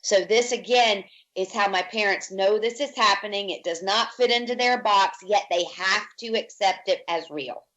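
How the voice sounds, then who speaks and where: A woman's voice: medium pitch, moderate pace, few pauses, poor audio. Woman from Virginia telling her story. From Virginia, USA. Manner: lively storyteller who acts out quoted speech. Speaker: podcast guest. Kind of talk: storytelling in an interview.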